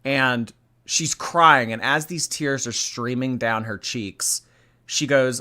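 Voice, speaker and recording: A man's voice: mid-range voice, slow pace, sharp tone. A man hosting a casual reaction stream, reading chat and giving blunt, chatty opinions with casual swearing.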